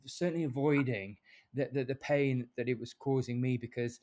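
Male host, casual; stumbles over restarts, quick to agree. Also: medium pitch, fairly even intonation, a little mellow. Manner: stammering restarts, eager agreement. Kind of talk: casual chat.

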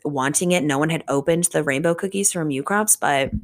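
A woman in her twenties from the Richmond, Virginia area, hosting a podcast in casual solo chat, animated and swearing freely. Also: low-pitched, brisk. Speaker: podcast host.

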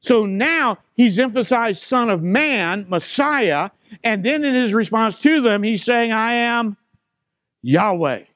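High-voiced pastor preaching slowly. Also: male voice, lively intonation, a bit bright, no echo, studio quality. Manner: emphatic, repeats key phrases, asks the congregation questions. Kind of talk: sermon.

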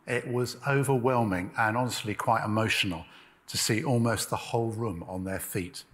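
Man preaching a measured sermon. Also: on the low side, fairly bright tone, big-room sound. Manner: measured, emphatic delivery with pauses.

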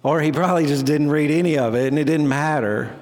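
A man's voice: a little high, fast, a little mellow. A middle-aged man preaching a sermon as pastor, conversational and self-deprecating, often restarting his sentences. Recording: long hall reverb.

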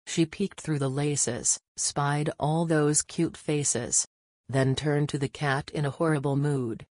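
A storyteller reading a children's bedtime story aloud at a steady, deliberate pace. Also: medium pitch, dry recording, studio quality.

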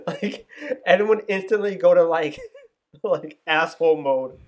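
Teasing podcast co-host, mid-pitched voice. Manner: teasing, quick to laugh. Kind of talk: casual chat.

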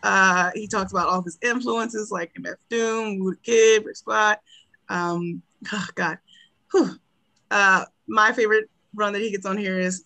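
An enthusiastic woman chatting as a podcast guest, her voice bright and forceful. She laughs often and pauses with fillers while she gathers her thoughts. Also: mid-range voice, fairly even intonation. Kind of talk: casual chat.

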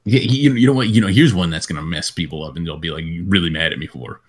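A man's voice: low-pitched, quick pace, a crowd in the background. A man co-hosting a comedy podcast in casual banter, stammering and repeating words. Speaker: podcast co-host.

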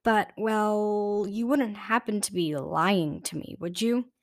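A courteous, worried storybook boy speaks with careful persistence, as a woman reads his part. His lines sit a little above the reader's own voice, soft-edged and polite. The sound is close and dry, with no room around it. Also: mid-range voice, slow, no room sound. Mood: polite, earnest.

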